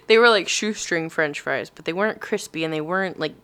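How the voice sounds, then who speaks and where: Giggly young woman, bright voice. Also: fairly low pitch, moderate pace. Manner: giggly, animated storytelling. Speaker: vlog co-host. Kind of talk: casual chat.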